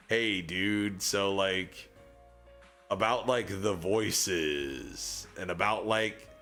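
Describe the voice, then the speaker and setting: A man's voice: on the low side, bright, forceful tone. A young man streaming, telling a long personal story in a casual, rambling way, full of fillers and acted-out dialogue.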